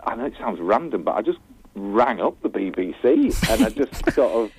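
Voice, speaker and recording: A man telling stories in a casual interview, animated and chatty, laughing often. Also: fairly low pitch, moderate pace, breathy edge, rough recording. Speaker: guest, TV presenter.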